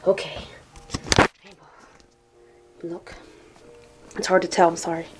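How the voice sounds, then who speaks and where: A woman filming her sick pet bird at home on a handheld camera, close to tears, talking in a halting, tender way with sighs and restarts. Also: on the low side, flat delivery, faint music behind. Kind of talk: emotional home video complaint.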